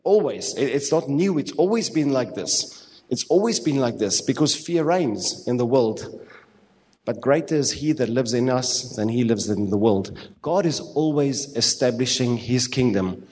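A male pastor with a South African accent preaching a sermon with fervent, repetitive phrasing and quick asides. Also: mid-range voice, lively intonation, a little mellow. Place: church hall. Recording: long reverb of a church hall.

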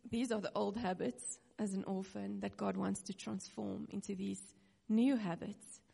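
Gravelly-voiced woman preaching in a reverberant hall. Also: medium pitch, fairly even intonation, measured pace, warm tone. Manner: earnest and personal, with nervous laughs. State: close to tears. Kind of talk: sermon.

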